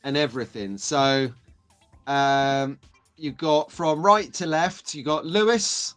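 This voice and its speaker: A middle-aged British man hosting a casual live stream, chatty and excitable, greeting viewers by name. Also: fairly high pitch, takes it slowly, smooth, soft background music.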